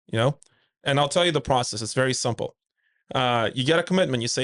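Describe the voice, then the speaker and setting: A man's voice: mid-range voice, fast. A man, a suit company founder, speaking as a podcast guest in a blunt, emphatic way, acting out quoted dialogue as he tells stories. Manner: animated storyteller, acts out quoted dialogue in a raised voice; blunt, emphatic, repeats key points. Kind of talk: conversational podcast interview.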